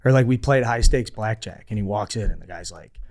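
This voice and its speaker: A podcast co-host with a somewhat low voice talks a little fast in casual chat. He's an animated storyteller, acting out the voices of the people he quotes.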